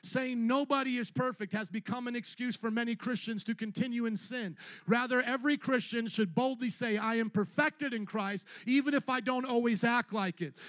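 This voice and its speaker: A man preaching a lively sermon as pastor in a church, playfully acting out churchgoers and rising to shouts. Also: very high-pitched, dry recording. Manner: animated preaching, acting out church members in put-on voices, shouting at peaks.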